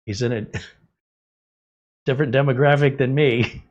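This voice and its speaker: A man's voice: mid-range voice, moderate pace, dull audio. A man hosting a live tech stream, answering viewer chat in a blunt, sarcastic way. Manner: blunt, sarcastic, lively asides. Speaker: tech show host.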